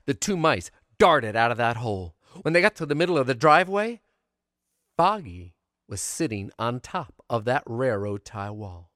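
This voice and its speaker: A man tells a homespun childhood story with plenty of animation, his voice rising and falling widely over a middle pitch. He drops into hushed tones and jumps up for sound effects. The recording is close and dry. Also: expressive, moderate pace, no room sound. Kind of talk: oral storytelling for an audience.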